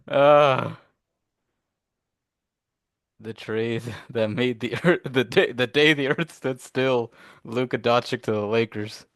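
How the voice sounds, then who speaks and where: A man's voice: mid-range voice, expressive, extremely slow, long pauses, a bit bright, no echo, clean studio sound. A young man co-hosting a casual sports podcast, laid-back, laughing and swearing casually. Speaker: podcast co-host. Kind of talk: casual chat.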